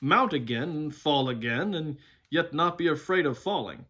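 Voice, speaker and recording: A man's voice: a little high, animated, normal speed, sharp tone, pitched above the performer's own voice. A man voicing a proud, stern talking male war horse in a storybook read-aloud, lofty and scornful of humans.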